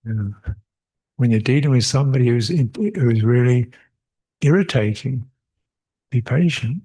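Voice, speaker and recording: A man's voice: mid-range voice, moderate pace, mellow, husky. An older man, a Buddhist monk, answering questions at a meditation retreat, reflective, repeating short phrases and chuckling often. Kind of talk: retreat Q&A dharma talk.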